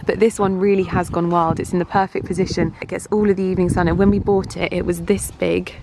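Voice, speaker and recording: A woman vlogging casually in her garden and greenhouse, gushing and excitable, gasping with delight. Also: fairly low pitch, fast, creaky, background noise. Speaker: lifestyle vlogger. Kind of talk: casual vlog to camera.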